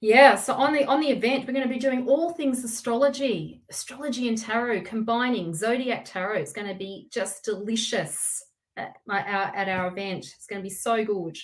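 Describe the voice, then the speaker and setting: A woman hosting a live tarot reading stream, talking to viewers by name in an excitable, chatty way and laughing often. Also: a little high, normal speed.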